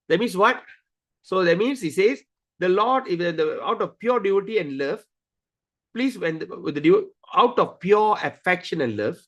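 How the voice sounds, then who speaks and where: A man giving a scripture study lecture, repeating key words and often restarting sentences as he explains. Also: high voice. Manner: animated, acts out stories with voices. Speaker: scripture teacher.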